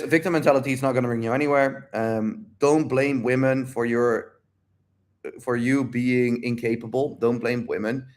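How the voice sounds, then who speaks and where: A man with a mid-range voice holds a casual livestream Q&A as a dating coach. He talks bluntly and animatedly, repeating his points and swearing freely. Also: medium pitch. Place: home livestream.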